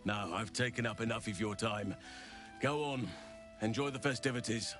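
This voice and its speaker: Male actor as a gentle old elf druid for a fantasy game, measured and soft, slightly low voice. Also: over loud music, lightly acted. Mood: tender. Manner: soft-spoken, measured, warm. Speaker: game character.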